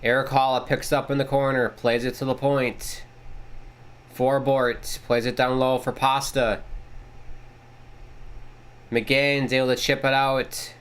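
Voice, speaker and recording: A man hosting a casual live watchalong, calling the play-by-play excitedly and swearing casually. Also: takes it slowly, long pauses, smooth. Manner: excitable, jumps pitch on big plays, swears casually. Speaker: watchalong host.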